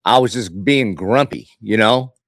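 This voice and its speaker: A man who is a pastor, chatting as a guest and telling stories with animated quoted voices. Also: lowish voice, measured pace, dry recording, clean studio sound. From Jacksonville, Florida. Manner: storytelling, acts out quoted voices. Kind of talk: casual chat.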